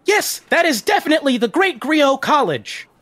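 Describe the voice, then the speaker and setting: A woman's voice: sits high, sing-song, moderate pace, fairly bright tone, dry recording, voice pushed up. Woman doing an eager young tour guide. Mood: helpful. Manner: upbeat, nervously reassuring.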